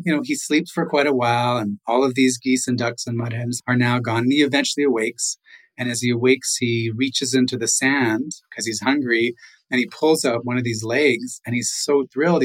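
A middle-aged man from Canada, a guest telling a traditional legend in an unhurried way, with chuckles and "you know" asides. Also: mid-range voice, slightly rough, rough recording. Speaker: guest storyteller. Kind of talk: oral storytelling.

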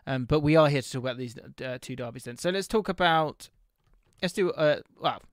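A man's voice: on the high side, a little fast, dry recording, clean studio sound. A man co-hosting a casual football podcast, rambling and distracted as he reads viewer comments while he talks. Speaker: podcast co-host.

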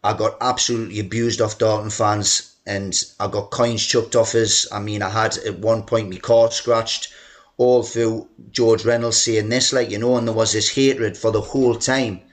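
A man yarns away as a podcast guest about his football days. He talks in a loose, chatty way, full of "you know" and "like", and now and then puts on a boss shouting down the phone. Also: fairly low pitch, level tone, normal speed. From England. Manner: mimics a shouting chairman in quoted lines. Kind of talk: casual storytelling interview.

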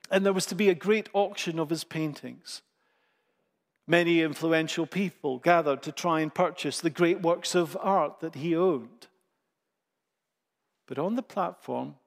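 A man preaching a sermon, slow and emphatic, with dramatic pauses. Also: on the high side, big-room sound.

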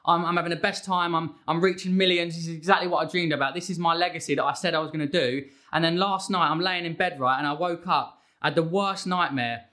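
A fitness trainer, a man, talking excitably and emphatically in a casual interview, rambling from one thought to the next. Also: on the high side.

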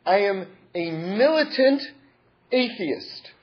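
A man's voice: sits high, animated, takes it slowly, husky, lo-fi sound, heavily acted. A man voicing a blunt, defiant young student who challenges a rabbi. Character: defiant young male elite student, proud atheist.

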